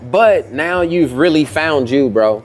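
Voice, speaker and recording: Brief: male show host, slightly high voice, brash and profane, hyping up his guest, faint background hiss. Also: lively intonation, takes it slowly. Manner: loud, profane, playful, pep-talk tone. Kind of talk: casual hype interview chat.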